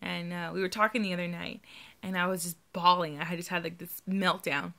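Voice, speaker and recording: Earnest woman with a gravelly, bright voice. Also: lowish voice, steady tone, a little fast. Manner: candid, earnest, emotional. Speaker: vlogger. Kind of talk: personal video diary.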